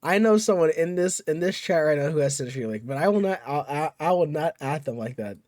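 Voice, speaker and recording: High-voiced man bantering with chat. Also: animated, a little fast, a little mellow, dry recording, clean studio sound. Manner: playful trash talk, rambling with restarts. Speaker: streamer. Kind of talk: casual live-stream chat. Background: faint music.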